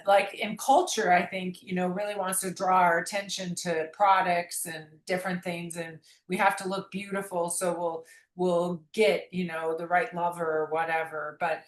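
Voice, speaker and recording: A woman's voice: fairly low pitch, level tone, normal speed, reverberant, rough recording. A woman guest talking about her memoir in an earnest, rambling way, often restarting her sentences. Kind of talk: reflective conversational interview.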